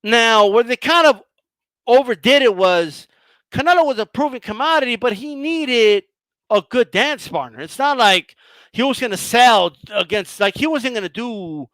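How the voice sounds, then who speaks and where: A man hosting a live stream, ranting bluntly and sarcastically, swearing and rising to shouts. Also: high-pitched, no room sound. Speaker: boxing commentator and channel host.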